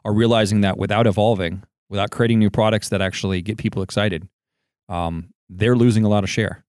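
A low-pitched man with a mid-Atlantic American accent talks as a podcast guest. He rambles in casual chat, heavy on fillers. The sound is dry and close. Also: steady tone, brisk, a little mellow, dry recording.

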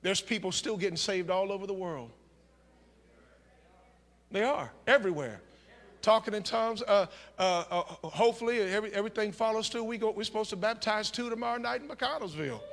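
Male pastor, fiery shouting sermon delivery, very high voice, long church-hall reverb. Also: animated, fairly quick. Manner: fiery, shouted preaching with exclamations. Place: church sanctuary.

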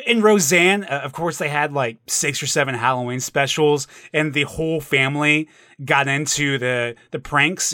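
A man co-hosting a podcast in relaxed banter, laughing often and steering the talk back to the topic. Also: fairly high pitch, dry recording, studio quality. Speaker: podcast co-host.

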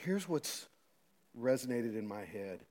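A middle-aged man preaching a sermon as pastor, animated, swinging between loud emphasis and quiet asides, with many rhetorical questions. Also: medium pitch, unhurried. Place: church sanctuary. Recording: long reverb of a church hall.

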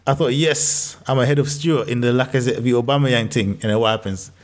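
A man co-hosting a football podcast in casual banter, animated and exasperated, laughing often. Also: mid-range voice, a little fast. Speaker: podcast co-host.

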